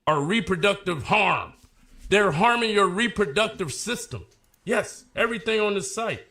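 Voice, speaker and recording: A man's voice: sits high, normal speed. A man angrily ranting and cursing while reading product ingredients aloud. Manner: loud, profane, animated ranting. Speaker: fitness personality reading product labels. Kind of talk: heated ranting clip.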